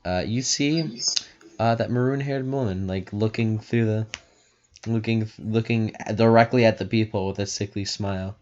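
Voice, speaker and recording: Casting note: low-voiced male game master, rambling, lo-fi sound. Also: fairly even intonation, normal speed, a little mellow. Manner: rambling, filler-heavy explaining. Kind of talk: narrating a tabletop game.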